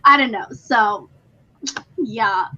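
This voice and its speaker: A young woman chats excitedly as a podcast co-host, her voice high and sharp. The audio is a bit dull and lo-fi. She talks loosely, with lots of fillers and laughs. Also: slow. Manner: chatty, excitable, frequent "like" and laughs. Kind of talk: casual chat.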